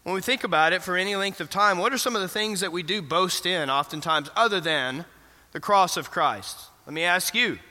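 High, bright-voiced pastor in a reverberant hall. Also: male voice, brisk. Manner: asks the congregation questions and affirms answers. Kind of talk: interactive sermon. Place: church sanctuary.

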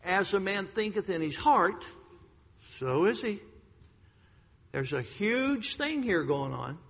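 A man preaching a sermon to a congregation, telling a personal story emphatically, swinging between loud outbursts and hushed lines. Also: high voice, sing-song, takes it slowly. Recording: long hall reverb.

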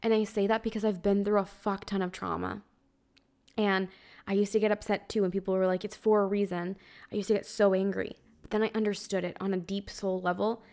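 A young woman talks straight to her listeners in a loose, heartfelt spiritual podcast monologue. Her voice sits at a middling pitch, and her talk is full of casual fillers and the occasional curse. She sounds emotional, close to tears, yet keeps talking earnestly. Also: level tone, fairly quick, vocal fry, darkish tone. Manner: earnest, conversational, heavy use of "like", occasional swearing. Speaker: podcast host.

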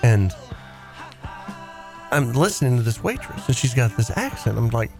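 A man hosting a weekend radio show, telling stories in a chatty, animated way and laughing easily. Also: medium pitch, moderate pace, vocal fry, music in the background. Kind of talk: casual on-air storytelling.

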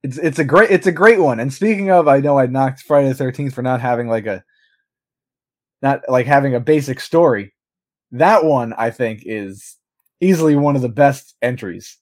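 A man co-hosting a podcast in a casual chat, animated and profane, filling his speech with "like". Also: medium pitch, moderate pace. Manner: animated, profane, says "like" constantly. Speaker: podcast co-host.

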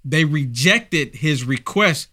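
A male show host delivers opinionated commentary with emphatic repetition and rhetorical questions. His voice is bright and a little high, and the sound is dry and close. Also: expressive, slow pace, no echo. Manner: emphatic, repeats lines and asks rhetorical questions.

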